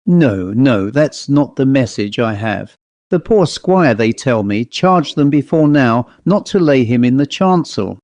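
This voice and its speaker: A man voicing an old-fashioned country rector who speaks crisply and a little impatiently. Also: mid-range voice, lively intonation, a little slow, darkish tone, dry recording. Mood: brisk. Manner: crisp, clipped and somewhat impatient. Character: brisk, fussy male country rector.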